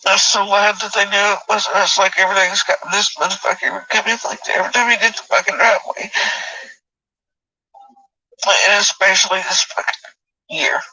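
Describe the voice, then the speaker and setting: Woman telling her story, teary and raw, husky bright voice, dry close mic. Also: mid-range voice, fairly even intonation, moderate pace, pauses often, no echo, distant mic, low-quality recording. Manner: raw, tearful, swearing often. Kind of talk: emotional personal testimony.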